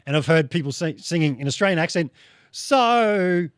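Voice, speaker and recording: A man's voice: fairly high pitch, fast talker, no echo. Podcast host man, dry close sound. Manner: demonstrates vocal sounds while explaining. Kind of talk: casual podcast interview.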